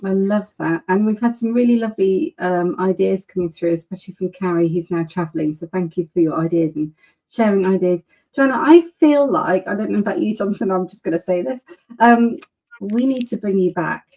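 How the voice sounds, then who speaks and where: Lady hosting a webinar, super enthusiastic, mellow dark voice. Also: mid-range voice, a little fast, rough recording. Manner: gushing, enthusiastic. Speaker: webinar host.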